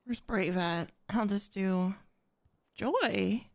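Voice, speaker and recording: A woman streamer talking in character in a roleplay game, incredulous and quick to laugh. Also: mid-range voice, creaky, no echo. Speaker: roleplay streamer playing a medic.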